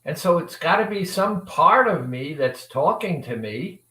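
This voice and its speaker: A man's voice: fairly high pitch, a little slow, reverberant, distant mic, poor audio. A man coach telling a motivational story, acting out both sides of a conversation. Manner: acts out both sides of a dialogue with lively shifts. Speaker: weight-loss coach.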